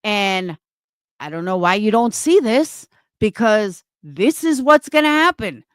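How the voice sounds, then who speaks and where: A woman's voice: medium pitch, lively intonation, a little slow, clear, resonant tone, dry recording. A woman streamer delivering an angry, profane, confrontational rant on a livestream.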